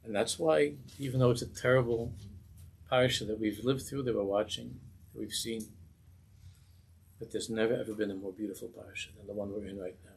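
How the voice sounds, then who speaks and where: A man's voice: fairly low pitch, brisk, creaky, a little hiss or hum. A man, a rabbi, giving a sermon in a synagogue and telling a story, acting out the voices in it. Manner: animated storytelling, acts out voices in the tale.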